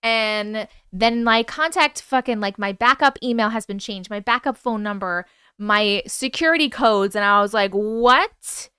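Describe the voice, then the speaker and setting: Bright-voiced woman telling a story. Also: a little high, unhurried, smooth, dry recording, studio quality. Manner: animated, profane, acts out quoted voices. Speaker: host. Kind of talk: casual storytelling on a livestream. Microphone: wireless clip-on mic.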